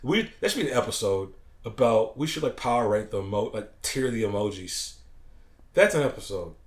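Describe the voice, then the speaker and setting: A man co-hosting a casual podcast, joking and animated, often acting out quoted people. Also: on the low side, a little fast. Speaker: podcast co-host. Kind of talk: casual chat.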